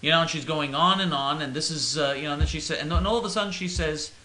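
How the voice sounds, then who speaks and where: Bright, stammering man, mock-earnest comic rant, roomy and faintly hissy. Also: a little high, fast. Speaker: comedic caller in character. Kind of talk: comic monologue in character.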